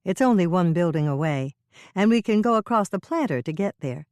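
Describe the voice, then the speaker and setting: A woman reading the lines of a determined, forceful amateur sleuth in an audiobook. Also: on the low side, animated, fairly quick, dry recording, lightly acted. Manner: forceful and urgent. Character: determined woman baker, sharp-tongued sleuth.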